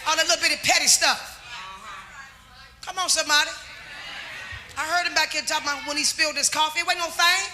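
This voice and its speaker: A middle-aged woman preacher testifying and teaching a sermon in call-and-response, shouting to a congregation in a live church service. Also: sits high, steady tone, fast, long pauses. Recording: live church service with loud crowd noise. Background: congregation laughing and responding.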